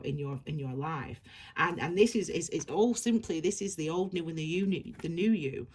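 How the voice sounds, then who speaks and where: A woman's voice: low voice, steady tone, fairly quick, a little mellow, slightly rough. A woman giving a tarot reading, rambling and repeating herself as she gushes reassurance at her viewers. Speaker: tarot reader.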